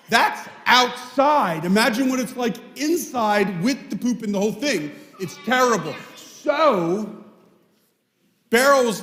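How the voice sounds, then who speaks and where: Playful man telling a children's story, high and lively; echoey hall. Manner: playful, chatty, talks with the audience. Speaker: storyteller at a children's family service. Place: synagogue sanctuary.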